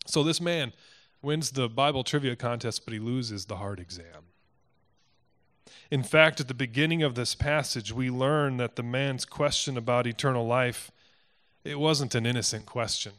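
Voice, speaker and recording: A man's voice: medium pitch, normal speed. Earnest, emphatic preaching man from Iowa. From Iowa, United States. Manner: earnest, emphatic, rising to forceful peaks. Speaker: pastor. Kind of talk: sermon.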